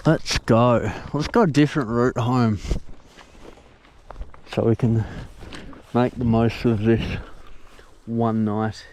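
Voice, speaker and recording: A man's voice: medium pitch, fairly even intonation, takes it slowly, long pauses, darkish tone. A man casually vlogging as he walks through a village and countryside, muttering laid-back asides with plenty of swearing. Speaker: travel vlogger. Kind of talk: casual walking vlog. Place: outdoors in a rural village and countryside. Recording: outdoor noise from walking on location.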